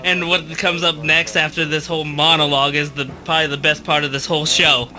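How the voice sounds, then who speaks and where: A man with a high, very bright and sharp voice chats on a commentary track. He laughs easily and halts through his sentences with fillers. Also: level tone, poor audio. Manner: giggly, halting, many fillers. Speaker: cast member doing commentary. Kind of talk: casual commentary chat.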